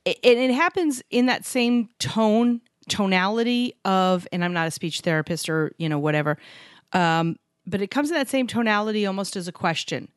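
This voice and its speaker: A woman co-hosts a podcast in a casual chat, animated and emphatic, now and then acting out other people's voices. Her voice sits at a middle pitch. The sound is dry and close to the mic. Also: normal speed, clear, resonant tone, dry recording. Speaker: podcast co-host. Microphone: podcast microphone.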